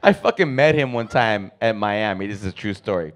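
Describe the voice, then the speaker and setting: A man doing profane, loud stand-up comedy in a club, riffing with the crowd on a handheld mic. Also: on the low side, animated, brisk. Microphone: handheld stage mic.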